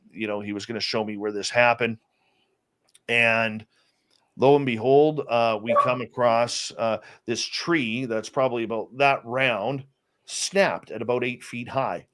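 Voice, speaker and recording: A man in an interview chat tells a personal story with animated energy. His voice sits at a middling pitch, and he often stumbles and restarts his sentences. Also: a little slow. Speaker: interview guest, radio host.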